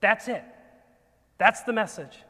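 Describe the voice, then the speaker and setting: High-voiced man preaching in a reverberant church. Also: slow pace. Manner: emphatic preaching that swells from quiet to loud. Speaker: pastor. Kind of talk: sermon. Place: church sanctuary.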